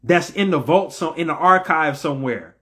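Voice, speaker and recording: Man, preachy and repetitive, fairly high-pitched, impassioned monologue. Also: animated, normal speed, sharp tone. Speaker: religious commentator.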